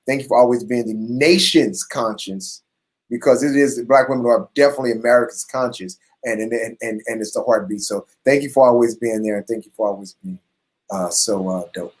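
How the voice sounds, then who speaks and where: A man's voice: mid-range voice, darkish tone. A man speaking as a panelist on a video call, earnest and often repeating his phrases.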